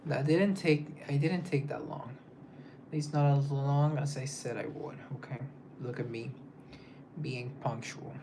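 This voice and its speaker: On a livestream, a young male singer chats casually and rambles through viewer comments, slipping into soft asides. His voice sits in the mid-range and moves a little slowly, with a touch of hiss or hum behind it.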